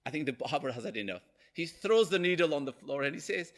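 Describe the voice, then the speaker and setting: A man's voice: a little high, animated, quick pace. A man giving a Friday sermon as a preacher, telling a story animatedly and often checking in with "okay?".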